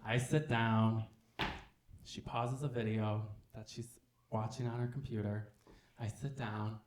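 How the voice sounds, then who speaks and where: A man doing campy, animated stand-up storytelling on a theater stage, acting out the people in his story. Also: lowish voice, a little slow, a little hiss or hum. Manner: animated, campy, acts out voices. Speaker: stand-up comedian. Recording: roomy theater sound.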